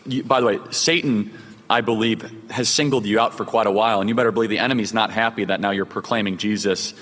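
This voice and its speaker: A man's voice: lowish voice, fairly even intonation, quick pace, fairly bright tone, long reverb tail. A man hosting a talk show, asking earnest, emphatic questions about faith. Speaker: host. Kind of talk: faith-focused talk interview.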